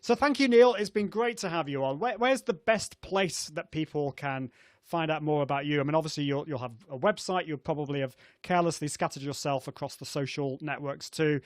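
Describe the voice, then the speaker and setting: A man's voice: on the high side, a little fast, no room sound, studio quality. A middle-aged man hosting a live video show, chatty, with lots of fillers and restarts. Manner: chatty, many fillers and restarts, laughs often. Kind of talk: casual live-stream chat. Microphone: video call setup.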